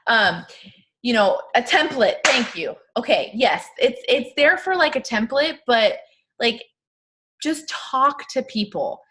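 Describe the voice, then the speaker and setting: A woman's voice: fairly high pitch, expressive, slow, bright, forceful tone, slight background noise. A woman coaching her sales team on a live stream, casual and chatty, full of fillers and asides, upbeat and emphatic.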